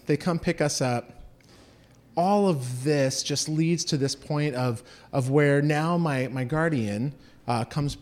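A man from Southern California telling a personal story, acting out the voices of the people in it. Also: on the high side. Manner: animated, acts out quoted voices.

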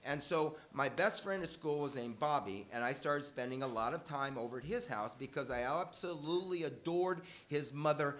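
Bright-voiced older man telling a story. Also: fairly high pitch, moderate pace, few pauses. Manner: conversational, self-correcting, wry humor. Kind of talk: personal story told live to an audience.

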